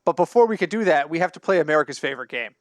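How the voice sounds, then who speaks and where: High-voiced man rambling through sports gossip. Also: racing, no room sound, studio quality. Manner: rambling, animated storytelling with self-corrections. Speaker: podcast co-host. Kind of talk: casual sports podcast banter. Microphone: home computer mic over online call.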